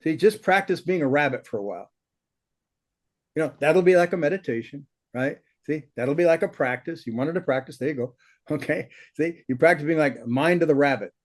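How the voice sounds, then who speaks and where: A man talks through an idea with blunt, animated energy. His voice sits a little high, and it leaps up even higher when he mimics someone. He laughs often and curses casually. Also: a little fast. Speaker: spiritual teacher. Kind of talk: conversational teaching in an interview.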